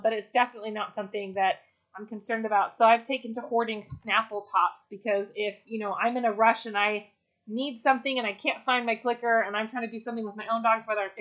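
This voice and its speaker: A woman's voice: medium pitch, a bit bright. A woman dog trainer giving a practical, chatty lesson, with the odd "um" and "you know". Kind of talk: instructional talk. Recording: dull lo-fi recording.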